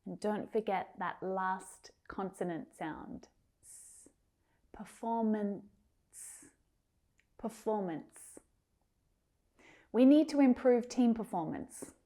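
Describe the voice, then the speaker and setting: A woman teaching English pronunciation, saying words slowly and carefully with drawn-out enunciation, then using them in example sentences. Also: medium pitch, lively intonation, dark tone. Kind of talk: pronunciation lesson.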